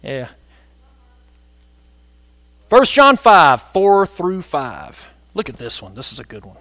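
Man, pastor, lively sermon, swooping intonation, dry close sound, sudden shouts. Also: fairly high pitch, slow pace, dry recording. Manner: animated and conversational, bursts into shouts for emphasis.

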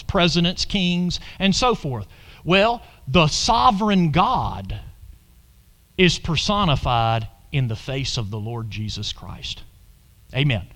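A man preaching with a high, bright voice that swings up and down. He sounds animated and keeps questioning the congregation and calling for an "Amen." His delivery rises and falls widely. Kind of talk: sermon.

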